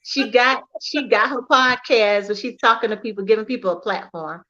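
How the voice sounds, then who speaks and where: A woman's voice: on the high side, normal speed, sharp tone. A woman guest on a live online show, chatting casually and praising the host with emphatic encouragement. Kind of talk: casual live-stream chat. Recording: slightly dull lo-fi audio.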